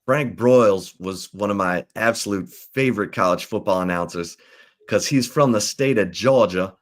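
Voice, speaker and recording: A man hosting a sports talk show, telling football history in a relaxed, rambling way with fillers and restarts. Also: lowish voice, moderate pace. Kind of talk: casual sports talk and storytelling.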